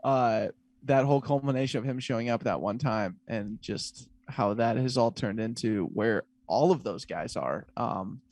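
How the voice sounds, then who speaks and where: A man's voice: medium pitch, normal speed, darkish tone, no echo. A man hosting a podcast, chatting casually in a jokey, rambling way. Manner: jokey, rambling, many fillers. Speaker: podcast host.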